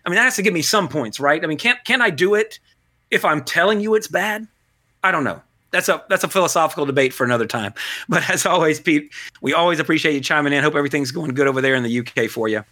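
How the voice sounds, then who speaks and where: Bright, rambling male podcast host. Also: fairly high pitch, lively intonation, fast talker, dry recording, clean studio sound. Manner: rambling, self-deprecating, joking. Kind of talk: casual chat.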